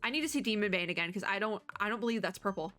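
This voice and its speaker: A woman's voice: medium pitch, racing, a bit bright, soft background music. A woman VTuber reading a game story aloud, with chatty, giggly, playfully sarcastic commentary.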